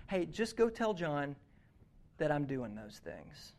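A young man preaching as a youth pastor delivers a lively, conversational sermon, acting out an inner dialogue with God. His voice is on the high side and he speaks slowly.

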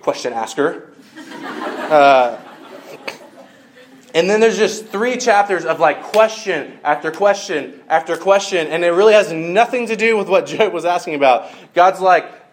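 A man delivers a relaxed, conversational sermon, retelling an old story with wry humor and easy asides. His voice sits a little on the high side for a man. He keeps it loose, with plenty of fillers and quick turns into everyday examples. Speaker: preacher.

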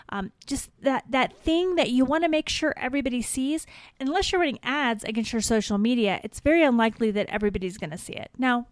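A woman's voice: a little high, no echo. A woman blogger hosting a solo podcast, giving encouraging, conversational advice with frequent restarts. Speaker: family travel blogger and podcast host.

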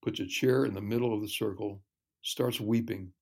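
A man talking as a ministry guest in an interview, earnest and measured, telling stories. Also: on the low side, steady tone, darkish tone, slightly rough. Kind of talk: casual interview chat.

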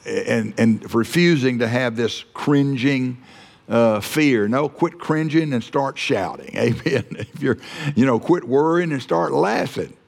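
Gravelly preacher in a reverberant hall. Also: male voice, mid-range voice, measured pace. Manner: earnest, repeats words, stumbles and restarts. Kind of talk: sermon.

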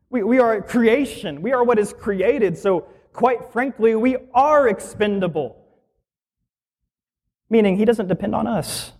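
Lively high-voiced male preacher. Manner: lively, emphatic preaching with rhetorical questions and slowed, stressed phrases. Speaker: minister. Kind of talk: sermon.

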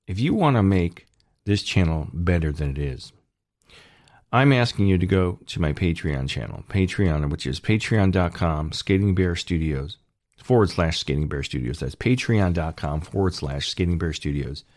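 A man hosting his own online channel in a loose, rambling monologue. His voice is very low, and the sound is dry and close with no room echo. He slips in sarcastic jokes and restarts his sentences often. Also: lively intonation, normal speed, darkish tone. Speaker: channel host.

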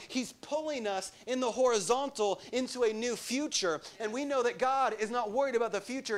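A male pastor preaching a sermon, asking the congregation rhetorical questions and repeating key phrases for emphasis, sometimes dropping to a soft, quiet delivery. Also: extremely high pitch.

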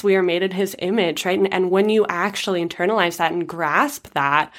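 A woman's voice: fairly low pitch, steady tone, a little fast, few pauses. A young woman hosting a casual faith conversation, telling a personal story expressively and asking questions. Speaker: host.

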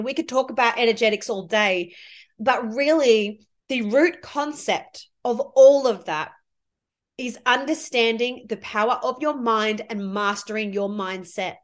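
A woman hosting her own podcast as a money mindset coach. She speaks in a heartfelt, effusive, spiritual coaching manner. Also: a little high. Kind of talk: solo podcast monologue.

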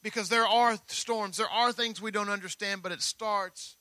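High, bright-voiced preaching man. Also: steady tone, moderate pace, dry recording. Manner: emphatic preaching with repeated phrases. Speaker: pastor. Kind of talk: sermon.

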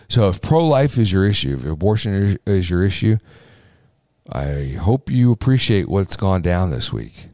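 A man with a low, deep voice delivers casual political commentary as a podcast host. He talks off the cuff, stumbling into restarts and repeating words for emphasis. The sound is dry and close, with no room around it. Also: big pitch swings, normal speed, warm tone, no room sound. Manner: conversational with fillers, restarts and emphatic repetitions.

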